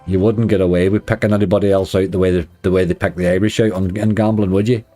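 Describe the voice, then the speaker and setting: Hosting a late-night slots live stream, this slot streamer chats casually, greets viewers and laughs a lot. His low voice moves little in pitch, he talks fast, and his tone is warm, with soft music in the background.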